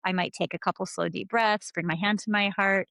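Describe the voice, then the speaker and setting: Casting: woman guest counselor, soothing earnest delivery, medium pitch, dry close mic. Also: steady tone, a little fast, gravelly, fairly bright tone, dry recording. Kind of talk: conversational interview.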